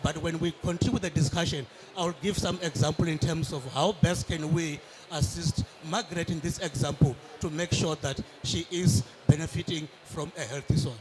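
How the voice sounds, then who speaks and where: A man's voice: a little high, steady tone, moderate pace, few pauses, background noise. A man speaking earnestly as a panelist, advocating with emphasis. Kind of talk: conference panel talk.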